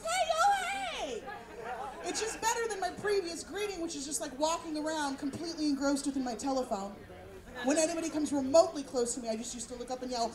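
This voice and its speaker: A woman stand-up comedian from San Francisco doing a brash, profane storytelling set before a live audience. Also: sits high. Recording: echoey room with audience.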